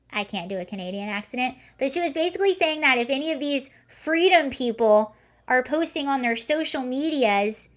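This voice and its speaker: A woman's voice: high-pitched, fairly bright tone. A young woman hosting a casual livestream, talking in a chatty, rambling way and often correcting herself mid-sentence. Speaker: livestream host.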